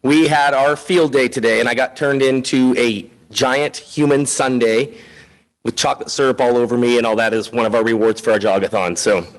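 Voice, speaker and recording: A man's voice: medium pitch, fairly even intonation, moderate pace, low-quality recording. A man, an elementary school principal, giving an informal, upbeat spoken report at a school board meeting, with frequent fillers.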